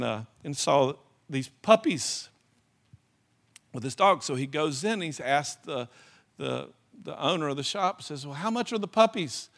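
A man preaching a sermon, telling stories in a rambling, animated way and often restarting his sentences. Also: mid-range voice, creaky. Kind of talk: sermon with storytelling.

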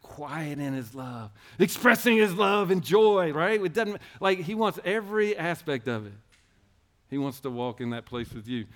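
A man's voice: high voice, lively intonation, moderate pace, a bit bright. Rambling, earnest man preaching. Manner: rambling, self-interrupting storytelling; earnest, exhorting the congregation. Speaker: church speaker. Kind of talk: personal testimony sermon.

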